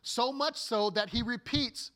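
A man preaching a sermon as a pastor, earnest and deliberate, with playful asides. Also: very high voice, pushed and bright.

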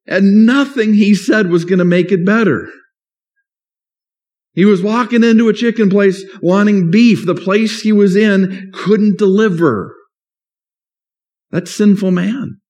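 Male pastor, mid-high voice, conversational sermon delivery with quoted asides. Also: a little mellow. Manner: conversational preaching with rhetorical questions and acted-out quotes.

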